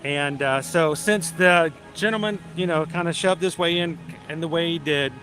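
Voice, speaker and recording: A man's voice: fairly high pitch, normal speed. A middle-aged man telling a story casually on a theme park livestream, chatty and self-deprecating, laughing often. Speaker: livestream vlogger. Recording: music playing loudly behind.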